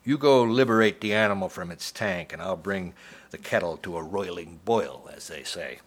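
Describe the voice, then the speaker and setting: A man's voice: sits low, normal speed. A man reading Noonan, crude leering cook. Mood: coaxing. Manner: blunt, crude, needling. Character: crude leering male restaurant cook, quick-tempered.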